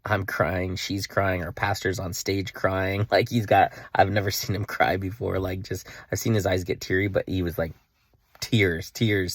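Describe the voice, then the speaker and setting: Young guy vlogging his faith story, low gravelly voice, kinda husky, keeps saying like. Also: no room sound, clean studio sound. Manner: earnest, emotional, full of "like" and restarts. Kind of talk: casual personal vlog.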